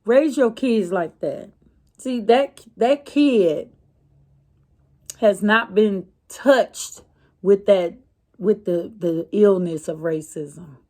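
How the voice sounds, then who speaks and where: A woman's voice: mid-range voice, drawn-out words, dark tone. A woman vlogger telling a story in a casual, chatty way, with many fillers and restarts.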